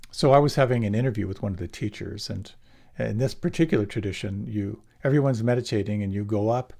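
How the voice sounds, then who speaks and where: A middle-aged man gives a dharma talk in a low voice with a gravelly edge. He speaks gently and without hurry. He often circles back and restarts a phrase. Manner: gentle, unhurried, with many restarts. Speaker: meditation teacher.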